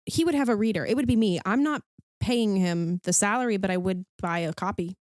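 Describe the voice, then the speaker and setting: A woman's voice: medium pitch, fairly quick, darkish tone, no echo, clean studio sound. A woman co-hosting a podcast in casual chat, bubbly and enthusiastic, with lots of "um" and "like". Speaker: podcast co-host.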